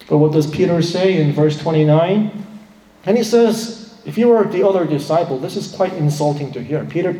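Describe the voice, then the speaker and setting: A man's voice: normal speed, warm tone. A man preaching a sermon, emphatic, acting out the quoted lines in a raised voice. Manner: emphatic preaching, acts out quotes with rising pitch. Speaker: pastor. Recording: roomy hall with long reverb.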